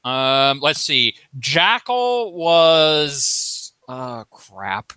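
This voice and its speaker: Lively, bright-voiced man chatting. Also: fairly high pitch, very slow, smooth, dry recording. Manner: animated, jokey, trails off mid-thought. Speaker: podcast co-host. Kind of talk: casual chat.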